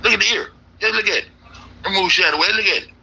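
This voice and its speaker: A man's voice: high-pitched, racing, gravelly, bright, forceful tone, slightly rough, rough recording. A man ranting in a casual, profane, rambling way, repeating himself as an internet commentator. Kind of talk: casual conspiracy rant.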